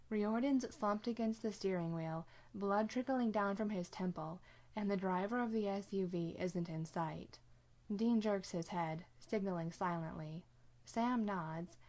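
A woman reading a story aloud in steady narration. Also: mid-range voice. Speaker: reader.

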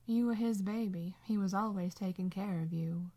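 A woman voicing a kindly, teasing old blind woman who speaks gently and motherly in a storybook reading. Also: a little high, measured pace, pitched above the performer's own voice, natural voice. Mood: gentle.

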